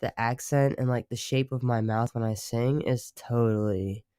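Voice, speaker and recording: Young man from Baltimore, loose rambling streamer chat, mellow tone, dry close sound. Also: mid-range voice, fairly even intonation, normal speed, clear, resonant tone, dry recording. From Baltimore, United States. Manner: rambling, swearing, many fillers. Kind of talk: casual livestream chat.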